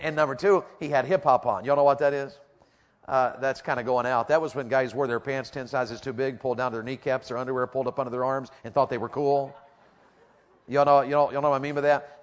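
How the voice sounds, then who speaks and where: A middle-aged man preaching a lively sermon, telling a story, acting out voices and asking the congregation questions. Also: medium pitch, big-room sound. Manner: animated storytelling, acts out voices, rhetorical questions. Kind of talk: lively sermon with audience call-outs.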